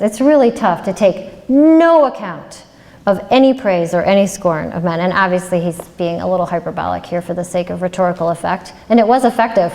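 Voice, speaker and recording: This woman's voice sits at medium pitch with a slightly mellow quality. She's an ethics lecturer delivering a public lecture conversationally, asking rhetorical questions and saying "um" now and then, with the long reverb of a lecture hall around her.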